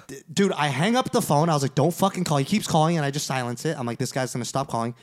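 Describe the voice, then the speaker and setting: Podcast host guy, fairly high voice, swears a lot, jumps into quoted voices mid story. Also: quick pace, few pauses. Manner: profane, animated, acts out quoted dialogue. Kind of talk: casual storytelling chat.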